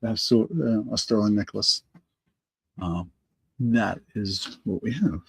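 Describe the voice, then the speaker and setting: A middle-aged man hosts a live online auction, his voice low, slow, slightly raspy and congested from allergies. He rambles and corrects himself while answering viewers by name in live-stream auction chat.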